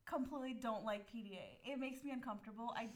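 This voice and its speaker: A woman's voice: on the high side, fast, a crowd in the background. A young woman in casual chat with a friend, chatty, laughing often and using lots of fillers.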